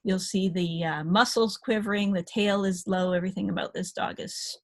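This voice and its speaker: A woman's voice: medium pitch, fairly even intonation, moderate pace. A woman dog-behavior trainer giving a chatty recorded lecture, talking through slide photos with small laughs.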